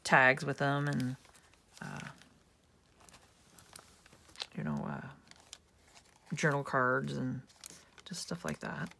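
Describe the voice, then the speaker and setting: A woman's voice: rumbling low, sing-song, very slow, vocal fry, long pauses, pushed and bright, slight background noise. A woman hosting a casual craft tutorial, chatting and thinking aloud as she works at home. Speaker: craft channel host.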